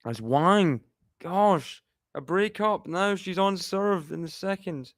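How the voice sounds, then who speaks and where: A man's voice: sits high, takes it slowly, dry recording, clean studio sound. A man hosting a live stream, giving casual play-by-play tennis commentary and chatting with viewers while reacting and laughing often.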